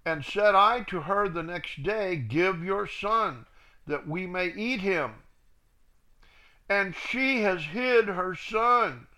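A man's voice: high-pitched, animated, slow, sharp tone, heavily acted. A man reading the part of a starving mother who pleads with her king. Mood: desperate.

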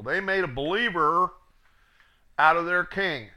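A man's voice: fairly high pitch, unhurried, pushed and bright. A man teaching the Bible verse by verse, reading passages aloud and adding plain asides. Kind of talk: verse-by-verse scripture reading with commentary.

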